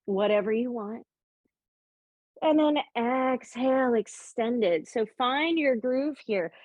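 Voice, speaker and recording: A woman's voice: a little high, darkish tone, no room sound, highs cut off. A woman teaching a yoga class, guiding poses in an upbeat, playful way and sometimes talking while holding a pose herself. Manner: upbeat and playful, with light jokes. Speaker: yoga instructor. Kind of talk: guided yoga class instruction.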